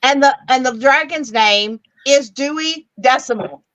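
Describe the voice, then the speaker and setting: A woman in a casual live book chat who rambles through her stories with halting restarts. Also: high voice, lo-fi sound, background noise.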